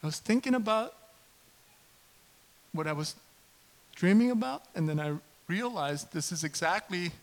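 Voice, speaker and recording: A middle-aged man preaching a casual sermon in a church, chatty and self-deprecating, bursting into loud impassioned preaching when he gets going. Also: high voice, normal speed, pauses often, low-quality recording. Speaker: pastor. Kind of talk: conversational sermon.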